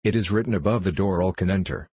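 A man's voice: sits low, fast, warm tone, slightly rough, no echo. A man voicing a brash, teasing young street boy. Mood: cocky. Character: bold street boy, cocky and quick.

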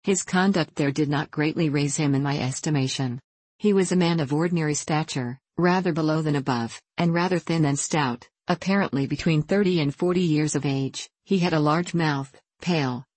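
A reader narrating a classic novel in a measured, even storytelling voice. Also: medium pitch, no echo. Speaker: audiobook reader.

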